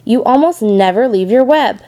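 A woman's voice: on the high side, lively intonation, normal speed, mellow, natural voice. A woman voicing an anxious, pleading young male pig in a storybook reading.

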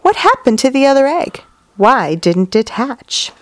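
A woman doing a sly, sharp-voiced rat. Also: high-pitched, big pitch swings, measured pace, no echo, pitched above the performer's own voice. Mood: probing.

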